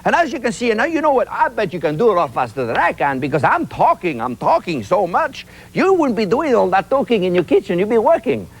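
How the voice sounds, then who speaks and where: A man hosts a cooking show from a studio kitchen. His voice sits high and swings widely in pitch. He talks chattily and eagerly, doubling his words for emphasis as he explains each step. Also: big pitch swings, fast talker, few pauses, breathy edge. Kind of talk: cooking demonstration.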